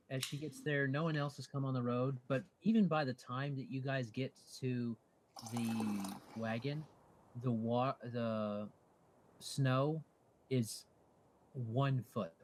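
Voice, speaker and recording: Halting male game master. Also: mid-range voice, slight background noise. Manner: relaxed, halting narration with fillers. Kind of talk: narrating a tabletop game.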